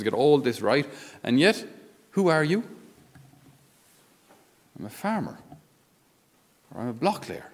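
A man with an Irish accent, a Catholic priest giving a conversational homily with wry asides. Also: medium pitch. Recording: long reverb of a large hall.

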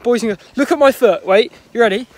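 A young man vlogging to camera, loud, excitable and a bit out of breath, swearing casually as he films on a phone outdoors in a snowstorm. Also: very high voice, brisk. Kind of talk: casual vlog talk to camera. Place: outdoors on a snowy golf course in a blizzard. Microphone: handheld phone.

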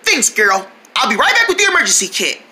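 Woman playing a helpful friend figure, hurried and eager, lowered voice, quick speech. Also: big pitch swings, very noisy. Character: helpful friend who fetches an emergency kit.

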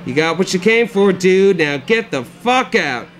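A man's voice: sits high, animated, measured pace, a bit bright, voice pushed up. A man doing a brazen, teasing young girl. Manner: suggestive, bossy.

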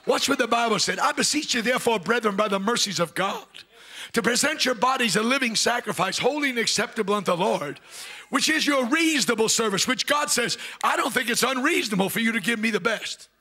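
Shouting high-voiced Pentecostal preacher. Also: male voice, animated, brisk. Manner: loud, shouting, preaching with rising bursts. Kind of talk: Pentecostal sermon. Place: church hall with congregation.

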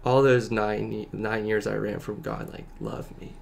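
Low, gravelly man sharing an earnest testimony. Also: fairly even intonation, a little hiss or hum. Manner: earnest and halting, heavy with filler words; emotional, close to tears at times. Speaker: podcast guest. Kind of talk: personal faith testimony in casual conversation.

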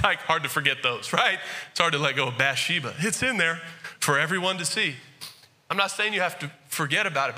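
A male pastor giving a conversational, animated sermon, with frequent asides and questions to the congregation. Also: fairly high pitch.

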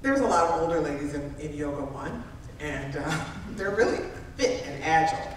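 A woman's voice: low-pitched, normal speed. A woman giving a humorous motivational talk to a live audience, telling stories with self-deprecating humor and frequent laughs. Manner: animated storytelling, self-deprecating, laughs often. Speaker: keynote speaker. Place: large conference room with live audience. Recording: very echoey room, distant mic, ambient noise.

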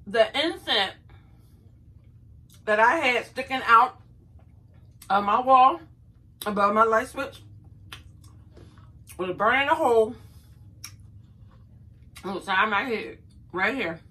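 Bright-voiced woman telling a story. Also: on the high side, slow pace, pauses often, rough recording. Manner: animated, chatty, addresses viewers as y'all. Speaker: vlogger. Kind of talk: casual storytelling to camera.

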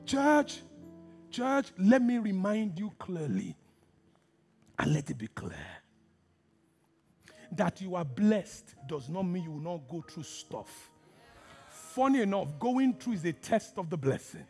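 A pastor preaching a dramatic, repetitive sermon at a church service. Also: male voice, high-pitched, big pitch swings, slow, long pauses, a little mellow, faint music behind. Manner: dramatic, repetitive, acts out quoted voices.

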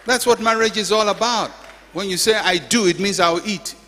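An older pastor preaching a sermon in a church, with emphatic, repetitive exhortation and humorous asides. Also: male voice, high-pitched, a little fast, fairly bright tone, faint music behind. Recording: echoey church hall.

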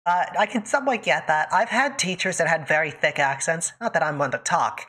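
Husky low-ish woman running a stream, blunt and teasing, swears a lot. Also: brisk, a bit bright. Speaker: streamer host. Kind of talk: casual livestream chat.

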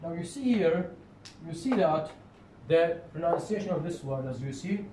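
A man giving a recorded phonetics lecture, slow and deliberate, repeating example words to model their pronunciation. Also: a little high, expressive, noisy background.

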